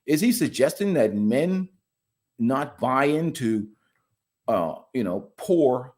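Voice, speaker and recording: Animated rambling man on a stream. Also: mid-range voice, slow pace. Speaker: co-host guest. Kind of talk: casual chat.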